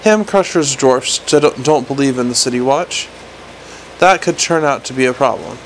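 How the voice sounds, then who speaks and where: A man's voice: mid-range voice, normal speed, a little hiss or hum, rough recording. A man narrating a comic fantasy novel in a wry tone, with small stumbles and restarts. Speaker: audiobook narrator.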